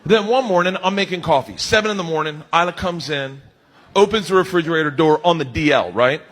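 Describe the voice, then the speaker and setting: A man's voice: a little high, brisk, fairly bright tone. A man doing a stand-up routine, telling exasperated stories about his wife and family. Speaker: stand-up comedian. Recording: noisy live club recording.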